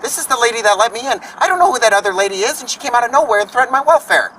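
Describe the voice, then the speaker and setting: A man's voice: extremely high pitch, lively intonation, very fast, pushed and bright, recorded from a distance, a little hiss or hum, low-quality recording. A man in an angry, profane street argument with police, ranting outdoors in a parking lot. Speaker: homeless activist confronting police.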